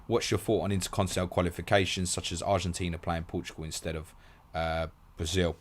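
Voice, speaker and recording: Low-voiced guy on a live stream, reads out questions, answers quick and matey. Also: flat delivery. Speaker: podcast host.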